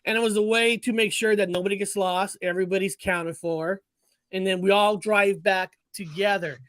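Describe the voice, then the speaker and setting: A man in his forties telling a story in casual conversation, animated and profane, often restarting and correcting himself. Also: high-pitched, normal speed, no echo. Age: 40s. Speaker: guest.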